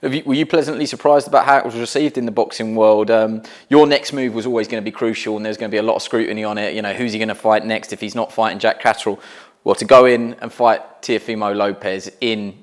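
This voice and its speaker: Man, sports interviewer, rather low voice, long multi-part questions. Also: steady tone, fast talker.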